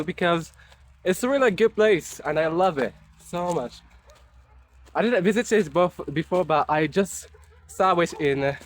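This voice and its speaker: A young man from Morocco chatting casually while walking through a forest on a rainy day, halting and searching for words in English. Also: a little high. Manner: soft, unhurried talk while walking. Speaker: nature vlogger. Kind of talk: casual walking vlog chat.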